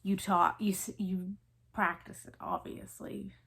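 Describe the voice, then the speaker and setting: A woman's voice: medium pitch, little pitch movement, a little slow, creaky, a bit bright, slight background noise. A young woman with a Southern American accent talks casually to her viewers. She rambles in a chatty way, filling gaps with ums and likes and starting sentences over as thoughts come to her. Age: 20s. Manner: chatty, rambling, many fillers and restarts. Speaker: vlogger. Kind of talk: casual chat.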